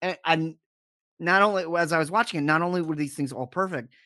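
Man, casual chat, animated storytelling, slightly high voice, dry sound. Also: a little fast, no room sound. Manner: animated storyteller, acts out quotes. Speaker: podcast co-host.

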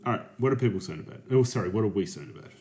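Man, podcast host, casual beer chat, hesitant, lots of pauses, lowish voice. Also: animated, mellow. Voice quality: hesitant, full of ums and restarts.

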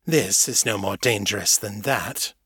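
An ancient male skunk mage, voiced by an audiobook narrator, speaking in a flat, unchanging tone of cool detachment. The delivery is slow and husky, set close in a dry sound. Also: fairly low pitch, no echo, full character voice. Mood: detached.

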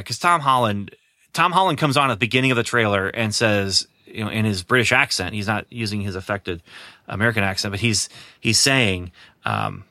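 A man's voice: on the low side, sharp tone, no room sound. A man hosting a casual podcast chat, enthusiastic and chatty, laughing easily as he talks. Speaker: podcast host.

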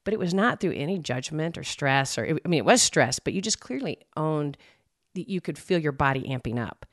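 A woman co-hosting a podcast, telling a personal story in a lively, animated way and acting out her own frustration. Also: low-pitched, fairly quick, no room sound, clean studio sound. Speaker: podcast co-host. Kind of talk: casual podcast conversation.

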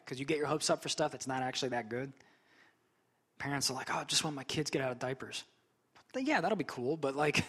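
A man's voice: fairly high pitch, fairly bright tone, slightly rough. A young man preaching a sermon as pastor, conversational and chatty, with frequent casual asides.

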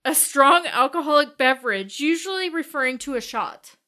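High-voiced woman co-hosting a podcast. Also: animated, normal speed, sharp tone. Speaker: podcast co-host. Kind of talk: casual chat.

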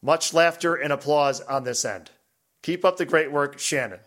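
Joking podcast host reading listener mail. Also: male voice, on the high side, moderate pace, a bit bright. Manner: jokey, laughs often. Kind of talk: casual podcast chat, reading listener emails.

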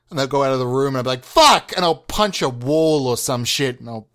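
A young man improvising as an earnest, melodramatic fisherman obsessed with catching the big one, rambling and deadpan with sudden overblown outbursts. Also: medium pitch, clear, resonant tone, close to an everyday voice. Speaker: podcast host. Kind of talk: improvised comedy monologue.

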